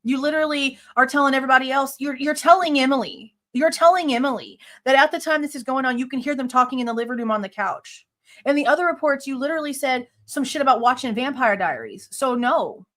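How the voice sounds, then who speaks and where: This true crime host is a woman with a high, fairly bright voice and a quick pace. In live commentary she reads a police report and reacts, blunt, exasperated and sharply skeptical, with casual swearing.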